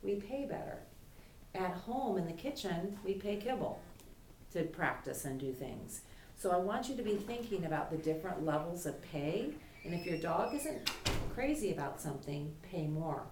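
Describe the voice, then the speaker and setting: A woman's voice: lowish voice, very animated, moderate pace, a little mellow. A woman dog trainer teaching a puppy class in a chatty way, voicing the dog's thoughts. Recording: echoey room from far off, faint noise.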